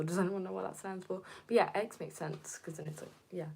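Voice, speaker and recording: A young woman chatting on a live stream and reading comments, rambling with lots of fillers, slipping into soft whispers and jumping high when excited. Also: a little fast, gravelly, husky. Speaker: content creator.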